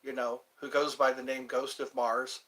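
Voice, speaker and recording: This middle-aged man hosts a wandering live chat, clowning around with sung lines and put-on accents. Even so, his medium-pitched voice is delivered flatly, at a moderate pace, with a sharp tone.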